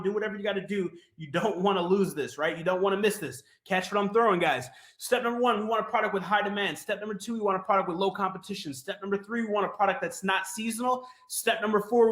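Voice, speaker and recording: Hyped high-voiced man in an echoey room. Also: fairly bright tone. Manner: hyped, repetitive, calls to "write this down". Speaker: webinar presenter. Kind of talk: sales-style webinar presentation.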